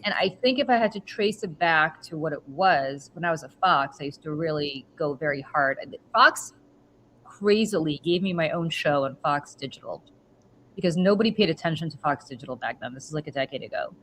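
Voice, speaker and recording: A woman's voice: sits low, fairly quick, slight background noise, rough recording. A middle-aged woman, a podcast host, telling stories in casual chat and acting out her own reactions. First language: Russian. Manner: animated storyteller, acts out her own reactions. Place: home.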